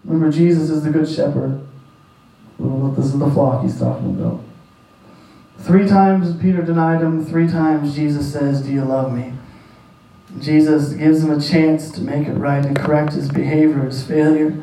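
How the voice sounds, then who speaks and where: High-voiced male pastor preaching in echoey room. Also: flat delivery, normal speed, vocal fry, warm tone. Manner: repetitive, emphatic preaching. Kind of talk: sermon. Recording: echoey room, distant mic.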